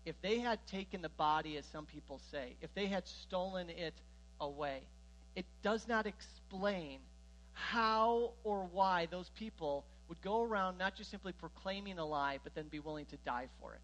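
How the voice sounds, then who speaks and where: A man preaching a sermon as pastor, animated, with loud emphatic bursts and quiet joking asides. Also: on the high side, a little hiss or hum, low-quality recording. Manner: jokes and asides between scripture retellings.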